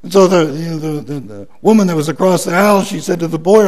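A man preaching a sermon as pastor, building emphasis on repeated phrases and dropping softer in prayer. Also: fairly high pitch, animated, fast talker, few pauses.

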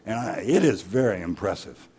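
A man's voice: on the low side, big pitch swings, moderate pace, mellow, slightly rough, exaggerated voice. A man voicing an earnest, admiring shopper.

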